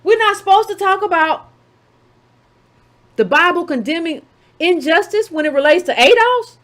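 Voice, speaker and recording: A woman's voice: extremely high pitch, animated, moderate pace, fairly bright tone. A woman giving a sarcastic political commentary monologue, full of rhetorical questions and mocking asides.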